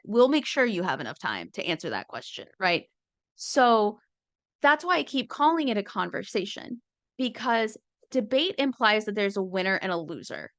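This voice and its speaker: Comedian-type woman, casual wry talk, mid-pitched voice, dry recording. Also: sing-song, a bit bright, no room sound. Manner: conversational and wry, slipping into quick impressions. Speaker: comedian and speaking coach. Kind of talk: casual talk with acted-out quotes.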